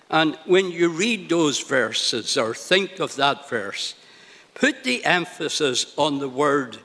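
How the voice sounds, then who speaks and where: A man preaching a sermon in a slow, deliberate, emphatic way. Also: a little high, sharp tone, big-room sound.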